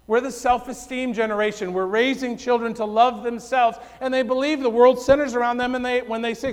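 A male pastor preaching a sermon, swinging between loud emphasis and hushed, low phrases. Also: fairly even intonation, moderate pace, hardly any pauses, big-room sound.

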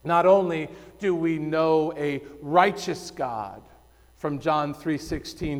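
A male pastor preaching a sermon, swinging between loud emphasis and hushed, low phrases. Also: takes it slowly, long reverb tail.

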